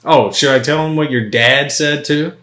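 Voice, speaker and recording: A man's voice: fairly high pitch, normal speed, reverberant, a crowd in the background. A man in his thirties co-hosting a casual chat, telling rambling stories with a joking manner. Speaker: co-host.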